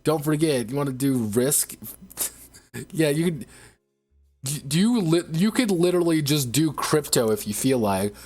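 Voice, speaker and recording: A man's voice: a little high, expressive, normal speed, darkish tone, soft background music. A man streaming, ranting casually in a sarcastic, profane way, rambling with frequent restarts.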